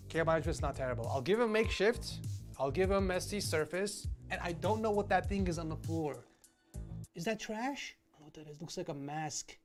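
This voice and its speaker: A man streaming casually, reacting to hot sauce and rating setups, excitable and repeating himself when flustered. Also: a little high. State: mouth burning from hot sauce.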